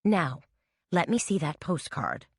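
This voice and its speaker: A woman voicing a brash, sleepy young woman from New Orleans who speaks in a quiet drawl with a New Orleans accent, in an audiobook. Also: low voice, big pitch swings, unhurried, husky, dry recording, studio quality, full character voice. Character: sleepy, brash Southern woman, shop owner.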